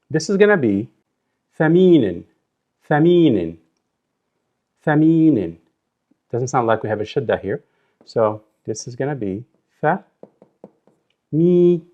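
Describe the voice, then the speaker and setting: Slow, patient man teaching pronunciation. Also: mid-range voice, highs cut off. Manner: slowly drills and repeats words, drawing out syllables. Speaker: Arabic teacher. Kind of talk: slow instructional explanation.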